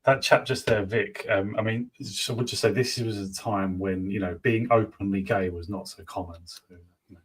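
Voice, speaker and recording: A man's voice: fairly low pitch, fairly even intonation, moderate pace, breathy edge. A man co-hosting a casual podcast discussion, talking in a hesitant way. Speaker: podcast co-host.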